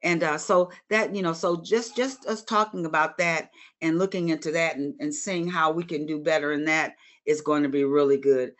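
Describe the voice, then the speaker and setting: Lower-voiced woman in her sixties teaching. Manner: earnest, motherly, speaks to the group directly. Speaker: Bible study teacher. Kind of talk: conversational Bible study teaching.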